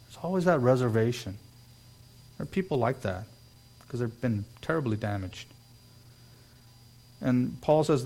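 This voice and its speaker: Earnest in delivery, this preacher speaks in a somewhat mellow mid-range voice. The pastor occasionally performs the quoted voices in his sermon.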